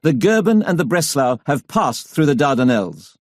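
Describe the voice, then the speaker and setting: A man voicing an excited middle-aged male German ambassador with a German accent, eager and exclamatory, in an audiobook reading. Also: a little high, normal speed, no room sound, studio quality.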